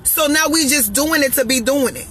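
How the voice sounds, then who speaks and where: A woman's voice: sits high, moderate pace, fairly bright tone, slight background noise, poor audio. A woman speaking her mind in a casual monologue, blunt and sassy, hammering her points by repeating them. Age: adult, parent of children. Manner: emphatic, preachy, repeating lines for effect. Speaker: vlogger giving relationship opinions.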